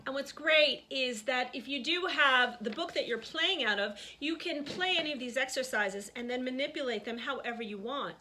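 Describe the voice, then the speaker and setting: High-voiced woman teaching singing at the piano. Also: moderate pace, hardly any pauses. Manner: talks, then sings vocal warm-up syllables over piano.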